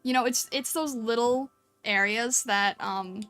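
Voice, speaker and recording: Bright-voiced gushing woman streamer. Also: on the high side, unhurried, soft background music. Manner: gushing, chatty, filler-heavy, laughs often. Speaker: streamer reviewing fan art. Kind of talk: casual live-stream chat.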